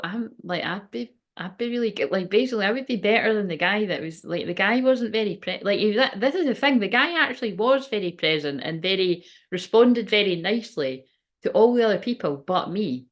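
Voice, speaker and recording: A woman's voice: mid-range voice, animated, fairly quick. Rambling woman swearing on a livestream. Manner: rambling, swears freely, self-interrupting. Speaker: spiritual channel host. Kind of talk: casual livestream chat.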